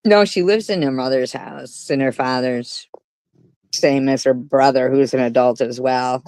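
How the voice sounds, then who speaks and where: Low, slow-talking sarcastic woman. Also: a little mellow, clean tone, no room sound. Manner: blunt, sarcastic, swears a lot. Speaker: commentary streamer. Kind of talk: profane live-stream commentary.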